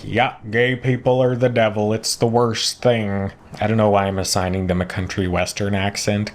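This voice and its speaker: A man hosting a reaction commentary, talking casually with sarcastic, animated interjections. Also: on the low side. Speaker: commentary host reacting to a clip.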